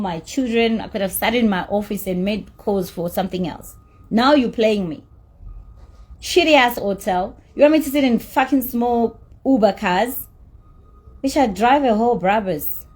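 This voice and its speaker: Husky, heated woman ranting. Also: fairly high pitch, darkish tone. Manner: heated, emphatic, swearing. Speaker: celebrity recounting a dispute. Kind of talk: angry rant.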